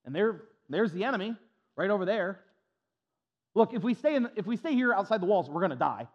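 A male pastor preaching with a high, animated voice that climbs and dips freely. He hammers his points with repetition, folksy jokes and stammered restarts. The sound is dull and lo-fi, with a long hall reverb. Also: fairly quick. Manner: emphatic and repetitive, stutters on restarts, folksy humor. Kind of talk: sermon.

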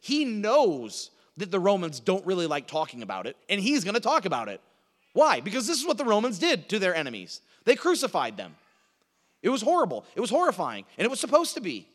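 A man preaching a sermon, teaching through a Bible passage with emphatic delivery that swings from loud to hushed. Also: high voice, huge pitch swings, fairly quick, in a large hall.

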